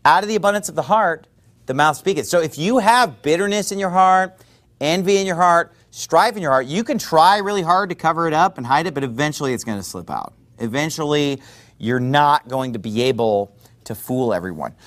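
A man preaching a sermon in a conversational, digressive way with quick rhetorical asides. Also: fairly high pitch, lively intonation, fairly bright tone.

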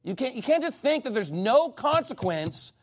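A man who is a parent, preaching a sermon in a blunt, animated way, reading scripture and acting out God's voice. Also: very high-pitched, normal speed.

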